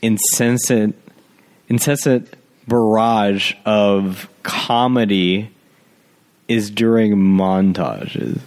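A man's voice: on the low side, steady tone, very slow, a little mellow. A man co-hosting a podcast, chatting about a movie with dry, wry remarks. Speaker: podcast co-host. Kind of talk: casual movie-review banter.

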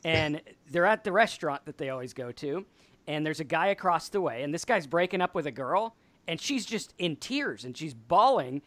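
A man's voice: on the high side, moderate pace, no echo. A man hosting a casual chat about staying sober, telling stories and acting out quotes. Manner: animated storyteller, acts out quotes. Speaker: podcast host.

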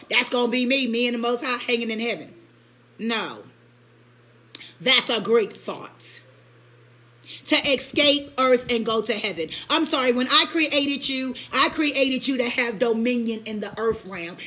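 Bright, high-voiced woman preaching with fire. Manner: preaches in the first person as God, with call-and-response asides; animated, swings from loud to hushed, laughs often. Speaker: preacher leading early-morning prayer. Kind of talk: impassioned live-streamed sermon.

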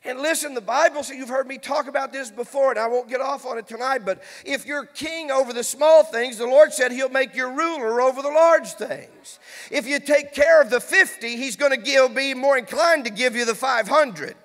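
A man, a pastor preaching a fervent sermon that builds to shouting in a church sanctuary. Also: very high-pitched, normal speed. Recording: long church hall reverb.

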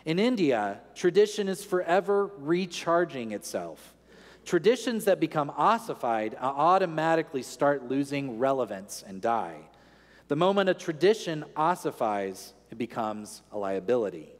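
A man's voice: a little high, very animated, moderate pace. A man preaching a sermon in an earnest teaching tone, asking rhetorical questions. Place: large church sanctuary. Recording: long church reverb.

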